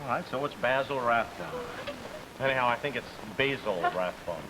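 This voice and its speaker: An exasperated, practical husband, played by an actor in an old radio comedy, impatient and dry, his voice rising and falling in lively swings. A clear hiss runs under the recording. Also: mid-range voice, normal speed, natural voice. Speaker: radio sitcom character. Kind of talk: 1950s radio comedy acting. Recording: hissy vintage radio recording.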